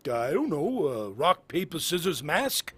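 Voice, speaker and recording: A man voicing a dramatic male movie-trailer announcer in a slow, weighty delivery. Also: a little high, big pitch swings, a bit bright. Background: music.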